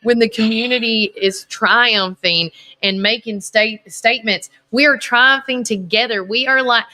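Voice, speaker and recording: Lively Southern woman talk host. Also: fairly high pitch, unhurried, rough recording. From Tennessee, Warren County. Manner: animated, rambling, repeats herself. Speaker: local show host. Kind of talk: casual live-stream chat.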